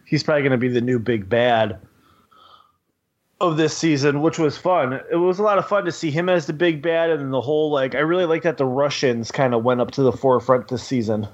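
A man's voice: medium pitch, a little fast, highs cut off. A man co-hosting a casual podcast, joking crudely and swearing freely. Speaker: podcast co-host. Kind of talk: casual chat.

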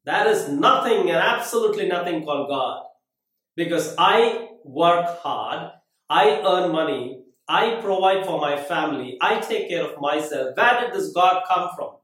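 A man voicing a proud, desperate man hanging from a cliff, raised and strained as he shouts. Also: on the high side, animated, measured pace, distant mic. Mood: scornful. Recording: very echoey room.

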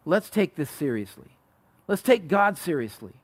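Emphatic pastor preaching a sermon. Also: male voice, very animated, moderate pace, no echo. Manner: conversational, swings between loud emphatic peaks and soft low asides.

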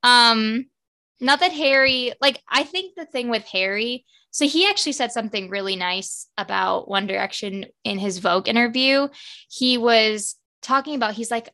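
Young woman gushing about music, lots of likes, bright clear voice. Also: fairly high pitch, lively intonation. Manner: fan-girly, quick, lots of "like" fillers. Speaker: podcast co-host. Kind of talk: casual chat.

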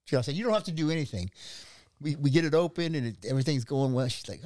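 A middle-aged man, a restaurant owner who tells his story in an animated way and acts out the voices of other people. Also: fairly high pitch, quick pace, no echo, studio quality. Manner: animated, acts out quoted dialogue. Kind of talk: conversational storytelling.

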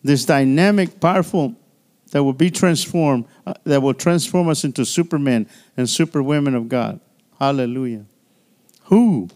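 An older man, a pastor, preaching an animated sermon in church, with chatty asides and laughs. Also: mid-range voice, moderate pace.

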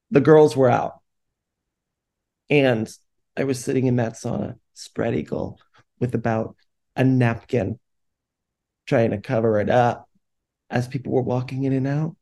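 A man's voice: medium pitch, creaky, darkish tone. A young man hosting a podcast, telling a candid, self-deprecating story in casual talk, swearing freely and often laughing at himself. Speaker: podcast host.

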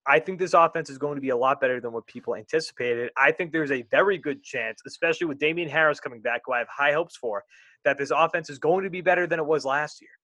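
A young man co-hosting a casual sports podcast, rambling and animated, often interrupting himself. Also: on the high side, fast, no room sound.

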